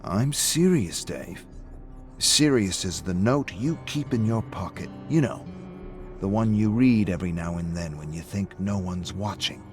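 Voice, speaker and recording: A man voicing a calm, probing pub owner who needles an old friend in a dry, measured way. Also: low-pitched, faint music behind. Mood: needling. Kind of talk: audiobook-style story reading.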